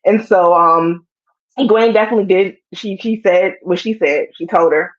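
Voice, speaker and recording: An animated woman talks through a TV episode with a friend, jumping into exaggerated voices to replay the scenes. Her audio is a little dull and lo-fi. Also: lowish voice, moderate pace. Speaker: show co-host. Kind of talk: casual TV recap chat.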